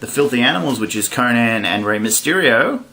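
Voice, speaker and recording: A man's voice: mid-range voice, animated, fairly quick, bright, forceful tone. A young man giving casual solo commentary on a wrestling card, rambling and correcting himself as he goes. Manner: rambling, self-correcting, laughs at own slips. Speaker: wrestling fantasy booking host.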